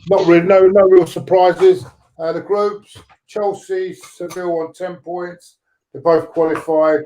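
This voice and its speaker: A man's voice: high-pitched, level tone, a little slow, dark tone, roomy sound, low-quality recording. A man hosting a fan livestream, reading out football scores in a plain, matter-of-fact way. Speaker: fan show host. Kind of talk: casual livestream chat.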